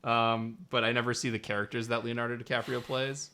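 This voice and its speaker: A man's voice: mid-range voice, level tone, brisk, sharp tone. A man co-hosting a podcast in casual chat, jokey and enthusiastic, often restarting his sentences. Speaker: podcast co-host.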